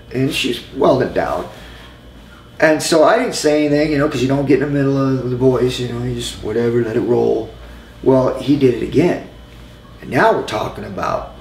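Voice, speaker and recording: Male ex-wrestler, rambling casual storyteller, roomy echo. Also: medium pitch. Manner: rambling, restarts, fillers. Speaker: interviewee, former pro wrestler. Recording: echoey room with faint noise.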